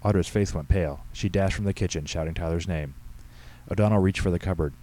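A man, the author, reading his own short story aloud in measured storytelling narration. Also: sits low, dark tone, low-quality recording. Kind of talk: scripted narration.

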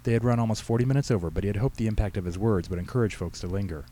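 Man reading his story briskly. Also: on the low side, dark tone, rough recording. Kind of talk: storybook narration.

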